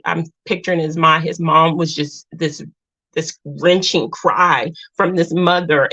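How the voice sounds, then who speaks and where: Woman, channel host, casual chat, earnest, halting, low voice, dull lo-fi recording. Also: a bit bright. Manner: earnest, halting, many restarts. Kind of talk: casual live chat with viewers. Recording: dull lo-fi sound.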